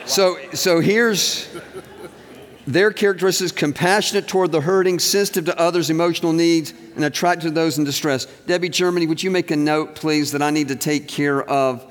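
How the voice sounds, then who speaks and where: A man's voice: on the high side, fairly even intonation, moderate pace. An older man, a university president, giving a chapel sermon with joking asides and earnest prayer in a large auditorium. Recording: reverberant hall.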